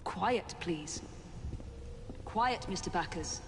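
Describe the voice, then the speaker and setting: Firm young woman assassin in a game, slow and high, reverb and noisy game audio. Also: expressive. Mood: stern. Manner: firm, commanding. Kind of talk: video game voice acting.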